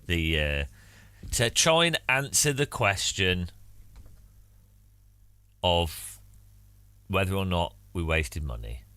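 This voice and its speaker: A man's voice: low-pitched, sing-song, takes it slowly, pauses often, pushed and bright, clean tone, dry recording. A man casually chatting on a live stream, with dry, self-mocking asides. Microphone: desk mic, not on camera.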